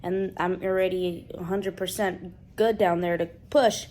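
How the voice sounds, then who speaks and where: A woman's voice: fairly low pitch, unhurried, a little hiss or hum. A young woman vlogging at home, telling a personal story in casual chat and acting out what others said. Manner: animated, quotes others in playful voices.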